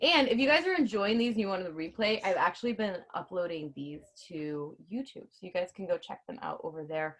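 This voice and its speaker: Animated woman reading a children's book. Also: lowish voice, fairly quick, few pauses. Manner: bright, enthusiastic, animated. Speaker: storybook reader and host. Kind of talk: children's read-aloud.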